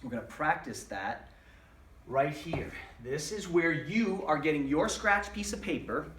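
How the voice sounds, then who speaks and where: A man's voice: fairly high pitch, a little slow, a little hiss or hum. Man teaching, heard from a distance. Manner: drilling verb conjugations aloud in chanted lists; lively, emphatic explaining with rhetorical questions. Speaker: Spanish teacher. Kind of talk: recorded classroom lesson. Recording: roomy sound, distant mic.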